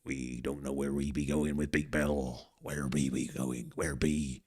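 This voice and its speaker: A man voicing a playful pirate sailor with pirate talk, dropping lower than his usual voice. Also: little pitch movement, unhurried, darkish tone, slightly rough, exaggerated voice.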